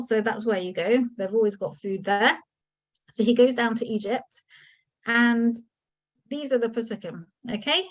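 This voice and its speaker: A young woman teaching a lesson as a lively storyteller, acting out the characters' lines. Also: a little high, poor audio. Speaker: Torah teacher.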